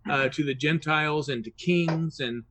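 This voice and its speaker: A man on a Bible study panel explaining a passage in a measured way, with frequent hesitations. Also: fairly high pitch, a bit bright, a little hiss or hum. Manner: measured, many uh fillers.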